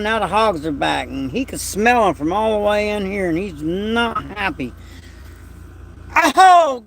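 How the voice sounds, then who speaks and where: A man's voice: sits high, gravelly, sharp tone, slight background noise. A man, hosting a casual livestream chat from home at night, talking in a rambling, folksy and emotional way. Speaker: livestream host.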